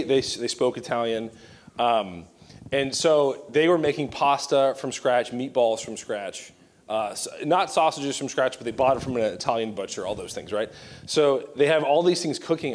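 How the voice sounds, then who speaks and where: A young man from Virginia giving an animated, self-mocking sermon full of storytelling. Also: medium pitch, a little hiss or hum. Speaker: pastor.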